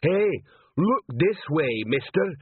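A man doing a high, eager troll sergeant. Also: sing-song, slow, slightly rough, no echo, full character voice. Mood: dutiful. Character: slow-witted male troll sergeant, eager. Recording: tinny phone-like sound.

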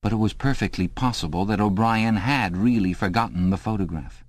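A man narrating a novel in a calm, even, literary reading style. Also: on the low side, fairly quick, no echo. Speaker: audiobook narrator. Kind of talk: scripted narration.

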